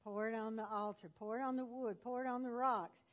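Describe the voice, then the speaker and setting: A woman's voice: fairly high pitch, fairly even intonation, fairly quick. A woman retelling a Bible story in a folksy, conversational way with casual fillers.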